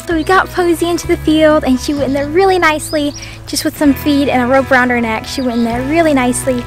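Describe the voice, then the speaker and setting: A woman with a Texan accent chatting excitedly to her camera outdoors on her farm, saying y'all constantly. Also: sits high, quick pace, music in the background. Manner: bubbly, says y'all constantly. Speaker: homestead vlogger. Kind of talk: casual chat to camera.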